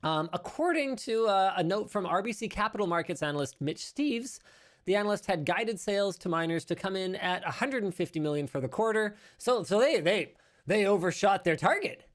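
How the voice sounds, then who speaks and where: A male podcast host chatting about tech news in a studio. He talks in an animated, rambling way, jumps around in pitch, and often stops to correct himself. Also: brisk. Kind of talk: casual tech news chat.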